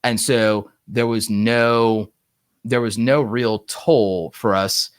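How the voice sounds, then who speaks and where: A man hosting a live online show, talking excitedly in a rambling way and saying "like" a lot. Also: medium pitch, slow, clear, resonant tone, no room sound, studio quality. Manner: excited, rambling, heavy use of "like". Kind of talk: casual livestream chat. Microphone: online streaming setup.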